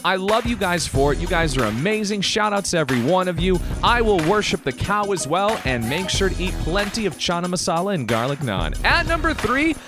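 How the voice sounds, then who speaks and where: A high-voiced man hosts his podcast with a hyped, theatrical delivery. His pitch swoops up and down all over the place, and he often slides into sung or shouted lines. Music plays behind him. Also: very animated, fairly quick. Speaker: podcast host. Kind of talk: casual podcast monologue.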